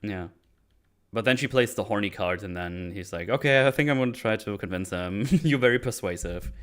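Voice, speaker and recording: A man's voice: lowish voice, fairly quick, a bit bright, smooth. A man hosting a casual movie discussion podcast, retelling scenes with acted-out quotes and swearing. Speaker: podcast host.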